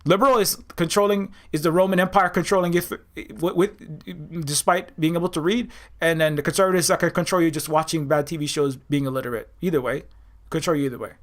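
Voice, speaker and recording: A man's voice: steady tone, fairly quick. A man giving unscripted political commentary, talking in rambling heated runs with many restarts and mocking his opponents in a raised voice. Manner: mocks opponents in a raised high voice.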